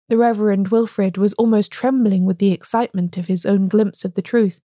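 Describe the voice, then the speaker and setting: A woman podcast host reading a classic story aloud in a measured way. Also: medium pitch, steady tone, dark tone, no echo, clean studio sound.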